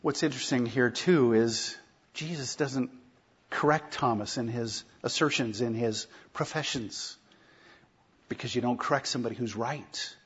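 A pastor preaching a sermon in a conversational way, often asking the congregation rhetorical questions. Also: male voice, mid-range voice, normal speed, a bit bright, husky, dull audio.

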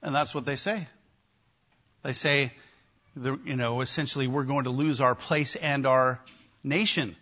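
A man preaching a sermon, emphatic and animated, with wry asides to his listeners. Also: mid-range voice, a little slow, pauses often, highs cut off. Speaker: pastor.

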